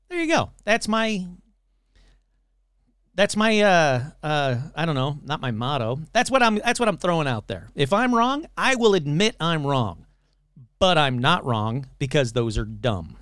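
Male podcast host, sarcastic, swears, very lively pitch, dry close sound. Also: measured pace, clean tone, no room sound. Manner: sarcastic, puts on mocking voices; swears casually. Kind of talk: casual chat.

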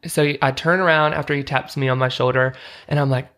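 A man from Utah co-hosting a podcast, retelling a dating story in a casual, animated way, full of fillers and acted-out quotes. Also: medium pitch, brisk. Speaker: podcast co-host.

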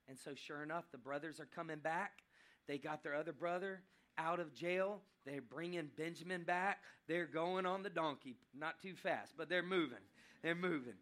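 Bright-voiced dramatic preacher. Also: male voice, fairly high pitch, moderate pace. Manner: dramatic storytelling, swings between loud and hushed. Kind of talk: sermon.

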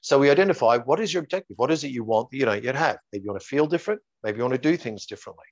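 A man's voice: mid-range voice, lively intonation, rapid-fire, no room sound. Man therapist explaining his method methodically. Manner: repetitive, methodical, acts out client dialogues. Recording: dull lo-fi dry audio.

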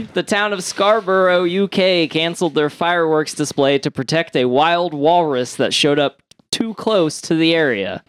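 A man's voice: a little high, very animated, unhurried, fairly bright tone, smooth, no room sound. A man co-hosting a casual comedy podcast, reading odd news and rambling with frequent laughs. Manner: rambling, laughs at own jokes.

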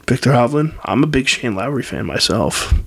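A man's voice: mid-range voice, animated, moderate pace, gravelly, fairly bright tone, slightly rough. Joking, crude-talking podcast man. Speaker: podcast co-host. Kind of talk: casual chat.

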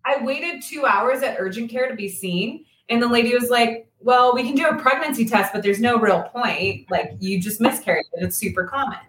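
Woman in a roomy room, slightly high voice. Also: moderate pace, hardly any pauses, a bit bright, a little hiss or hum. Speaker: podcast co-host. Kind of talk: casual chat. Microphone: video call. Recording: roomy sound, far from the mic.

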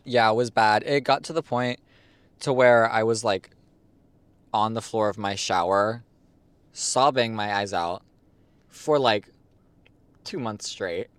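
A man's voice: fairly low pitch, slow, pauses often, fairly bright tone, smooth, dry recording. A young man co-hosting a podcast, telling candid, jokey personal stories in casual chat. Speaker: podcast co-host.

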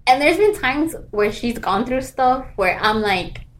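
A young woman with a slightly high voice tells a story in loose, everyday chat. She fills her talk with "like" and slips into the voices of the people she quotes. The telling is lively and personal. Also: unhurried. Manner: animated storytelling with many "like" fillers, acting out quoted voices. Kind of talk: casual chat.

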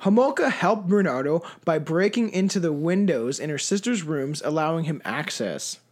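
Rambling through a laid-back true-crime conversation, the male podcast host swears freely and keeps restarting. His voice is on the high side and a little mellow, with lively intonation and a moderate pace.

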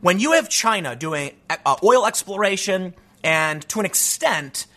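A man's voice: high-pitched, expressive, a little slow, pushed and bright. A man delivering a sarcastic, ranting opinion monologue as a commentary host.

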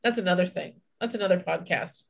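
A woman's voice: fairly low pitch, fairly quick, creaky. A woman co-hosting a podcast, telling a personal story in casual chat, candid, swearing and acting out her own inner voice. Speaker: podcast co-host.

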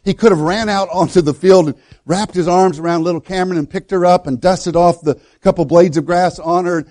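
A male pastor preaching a sermon in a folksy, storytelling way, with many halting restarts. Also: sits high, mellow. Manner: storytelling, folksy and self-deprecating.

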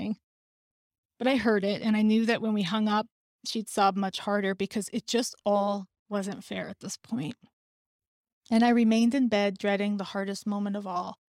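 Podcast host, woman, mid pitch, emotional and candid personal storytelling, dry. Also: a little mellow, no echo.

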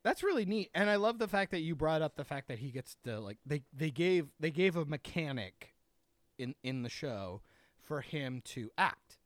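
A man's voice: fairly high pitch, sing-song, moderate pace, dry recording. A man hosting a casual podcast chat, opinionated and profane, talking with lots of energy.

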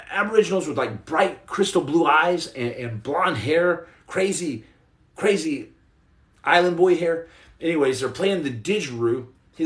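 A man's voice: mid-range voice, roomy sound. A man from Texas hosting a podcast, chatting loosely and reading out viewer comments in a rambling, digressive way. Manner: rambling, digressive, lots of "you know what I'm saying". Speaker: podcast host. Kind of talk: casual livestream chat, reading viewer comments.

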